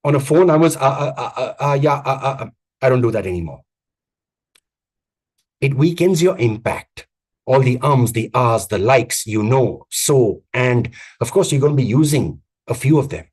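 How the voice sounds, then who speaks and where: A man giving a live online coaching talk on vocal presence, speaking emphatically with repeated phrases and deliberate pauses. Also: mid-range voice, animated, darkish tone, husky. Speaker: communications coach. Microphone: video call.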